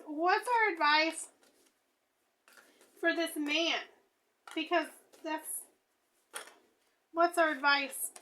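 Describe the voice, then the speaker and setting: This high, bright-voiced woman reads tarot, thinking aloud as she turns each card and swinging between hushed musing and excited exclaiming. Her tone is sharp and ringing, and there's slight background noise.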